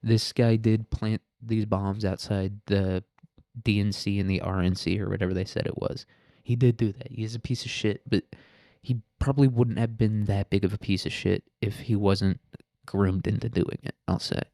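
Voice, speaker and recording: A man's voice: fairly low pitch, steady tone, moderate pace, dark tone, dry recording, studio quality. A man hosting casual current-events commentary, talking in a crude, blunt, sarcastic way. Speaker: podcast host.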